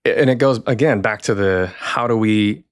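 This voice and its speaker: A man's voice: fairly low pitch, normal speed, clear, resonant tone, no echo, clean studio sound. A man appearing as a counselor guest on a podcast, reflective and casual, often slipping into quoted voices. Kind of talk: casual conversational interview.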